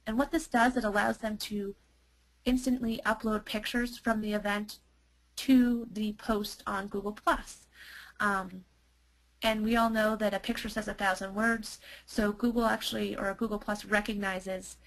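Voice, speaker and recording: A woman's voice: mid-range voice, fairly even intonation, measured pace, rough recording. A woman presenting a webinar product demo as a marketer, chatty, with many fillers and restarts.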